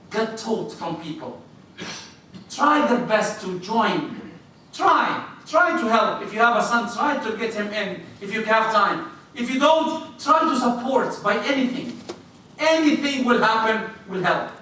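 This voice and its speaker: Preacher, male, lively sermon delivery, high ringing voice, heard from a distance in a reverberant mosque hall. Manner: animated, acts out little scenes, questions the listeners. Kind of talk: sermon to a congregation. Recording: echoey hall, distant mic.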